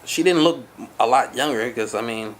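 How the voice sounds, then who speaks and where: A man's voice: mid-range voice, moderate pace, slight background noise. A young man vlogging, telling a personal story in a casual, conversational way and acting out the lines of the people in it. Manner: conversational, many fillers, acts out quoted lines. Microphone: camera-mounted shotgun mic.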